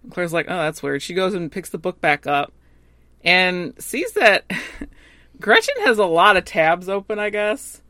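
A woman casually retelling a show's plot on a podcast, slipping in quick acted quotes. Her voice sits a little low. The recording is dry and close, with no room sound. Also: expressive, bright, forceful tone, dry recording. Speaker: podcast co-host. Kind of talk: casual recap chat.

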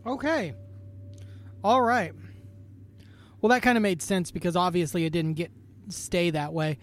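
A man's voice: high voice, measured pace. A man co-hosting a casual podcast, joking and riffing playfully as he leads the talk. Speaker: podcast co-host.

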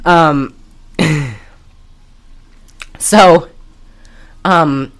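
A woman co-hosting a podcast, chatting casually as she recaps a film, acting out lines and laughing loudly. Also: low-pitched, extremely slow. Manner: animated storyteller, acts out lines, laughs loudly. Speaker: podcast co-host.

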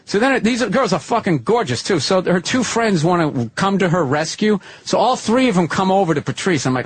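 A man in casual podcast chat, telling profane, animated stories. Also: sits high, brisk, few pauses, husky, no room sound.

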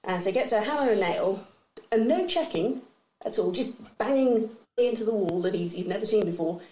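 A woman in her thirties, a comedian, telling lively family anecdotes in casual chat, breaking into quick voice impressions. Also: mid-range voice, reverberant, low-quality recording. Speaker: guest comedian.

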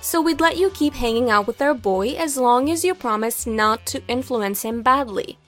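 A woman voicing a strict, religious middle-aged mother in an animated story, firm and scolding. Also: fairly high pitch, moderate pace, faint music behind. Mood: stern.

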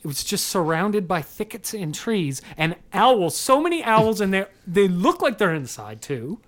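Animated jokey man in a tabletop game. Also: high-pitched, measured pace. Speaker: player. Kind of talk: improvised tabletop role-play.

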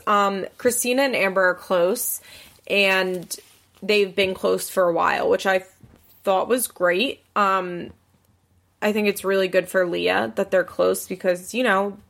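A woman recapping a reality show in casual chat, swearing and acting out the people she quotes with big jumps in pitch. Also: vocal fry, a bit bright.

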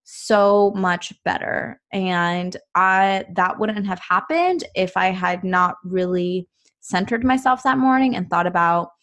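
A woman's voice: lowish voice, slow, fairly bright tone. A young adult woman hosting a solo podcast in a casual, earnest monologue, with lots of "um" and "like". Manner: chatty, earnest, many fillers like "um" and "like". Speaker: podcast host and personal trainer.

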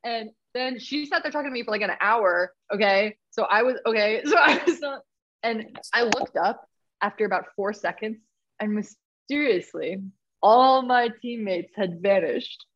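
A woman telling stories in a casual podcast chat, animated and laughing often, with lots of fillers. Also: fairly high pitch, moderate pace, dull audio, slight background noise. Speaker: podcast guest, rowing coxswain.

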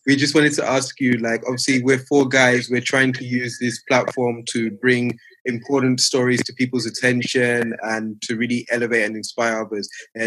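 A man co-hosting a podcast, wrapping up the interview in a polite, measured way. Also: medium pitch, a bit bright, poor audio. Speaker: podcast co-host. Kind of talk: casual interview.

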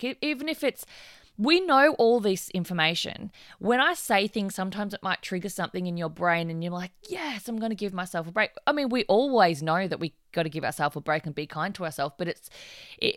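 Woman, hoarse, losing her voice, solo podcast host, earnest, encouraging, lowish pitch, dry close sound. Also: dry recording. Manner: earnest and encouraging, with frequent fillers. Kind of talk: casual solo podcast talk.

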